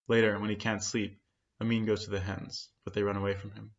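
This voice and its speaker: Low, gravelly male story narrator. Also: little pitch movement, a little fast. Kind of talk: literary story reading. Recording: dull lo-fi sound.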